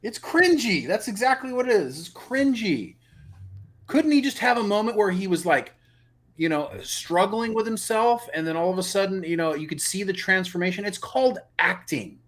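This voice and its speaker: A man co-hosting a casual show-review chat, animated and exasperated, mocking scenes in put-on voices. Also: high voice, moderate pace. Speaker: podcast co-host.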